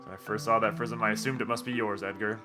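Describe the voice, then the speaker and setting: A man voicing a gentle, courteous three-headed male dragon from a game, speaking formally and politely, lower and quieter than his own voice. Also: steady tone, fast, music in the background, lightly acted.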